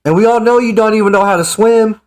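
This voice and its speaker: A man's voice: high-pitched, fast talker. A man giving casual, sarcastic ranting commentary as an online commentator. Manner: sarcastic, mocking.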